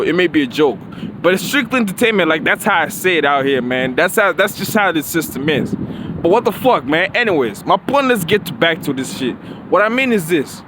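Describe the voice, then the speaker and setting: A man giving a profane, preachy, rambling monologue with lots of slang, recorded outdoors near traffic. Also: fairly high pitch. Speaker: vlogger.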